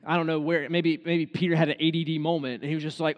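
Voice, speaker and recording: Guy pastor preaching casual-like, high voice, big echoey church hall. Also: a little fast, muffled recording. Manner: conversational preaching, acts out quoted inner voices. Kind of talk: sermon. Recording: long hall reverb.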